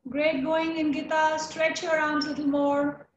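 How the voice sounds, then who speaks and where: A young woman with an Indian English accent leading a chair yoga class, encouraging students by name with slow, steady cues. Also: high voice, echoey room, highs cut off, a little hiss or hum. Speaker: yoga instructor.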